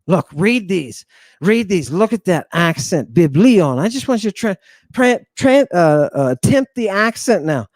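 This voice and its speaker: A man's voice: fairly high pitch, no echo. A man teaching an Ancient Greek lesson in a theatrical, teasing drill-sergeant manner. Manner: animated, teasing.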